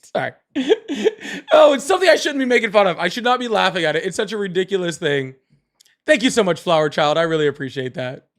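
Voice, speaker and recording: A man hosting a political call-in livestream, with a slightly higher voice than most men. He talks in a loose, chatty way, reads out super chats and laughs easily between callers. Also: expressive, fairly bright tone. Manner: chatty, laughs often, quick to banter. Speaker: livestream host.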